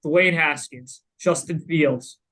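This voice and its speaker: A man's voice: fairly high pitch, slow, a bit bright, rough recording. A man co-hosting a sports podcast, talking casually with lots of filler words. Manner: chatty, lots of "you know" fillers. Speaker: podcast co-host.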